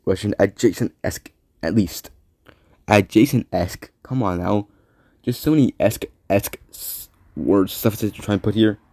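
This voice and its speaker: A man with a lowish, warm, mellow voice hosts a casual solo talk show. He rambles from thought to thought, repeats words and lets sentences trail off into quiet mumbles. The sound is dry and close. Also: normal speed, dry recording. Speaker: podcast host.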